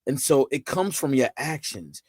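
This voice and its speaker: A man's voice: mid-range voice, normal speed, breathy edge, no room sound. A man sits as a podcast guest and talks easily and with emphasis. His voice sits mid-range, and the room around it is dry. He builds his points by repeating himself and tossing in friendly asides. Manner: animated, emphatic storytelling with lots of repetition; loose colloquial phrasing, frequent "you know what I'm saying". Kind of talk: casual conversational interview.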